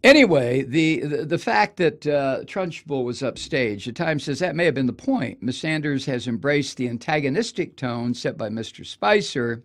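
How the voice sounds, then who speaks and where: A man's voice: mid-range voice, lively intonation, moderate pace, few pauses. A man hosting a political talk show, delivering a sardonic, profane ranting monologue. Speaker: radio talk show host.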